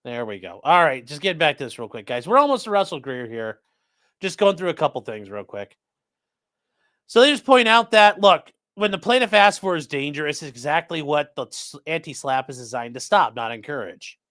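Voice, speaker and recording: A man hosting a live stream, reading out legal filings and mocking the people in them. He swears freely, and his somewhat high voice swings up and down a lot. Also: very animated, normal speed, a bit bright. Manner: mocking, profane. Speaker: livestream host. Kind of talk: live commentary on court filings. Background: live chat stream.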